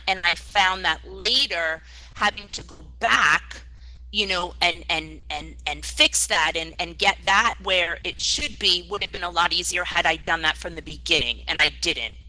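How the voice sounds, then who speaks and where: Bright-toned woman giving earnest advice. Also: lowish voice, rough recording. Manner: earnest advice, hesitant restarts. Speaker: real estate agent. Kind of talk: panel discussion answer.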